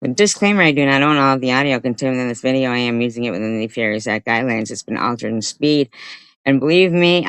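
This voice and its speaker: A woman's voice: a bass voice, a bit bright, dry recording. A woman livestreamer giving rambling, indignant, profane commentary to her chat.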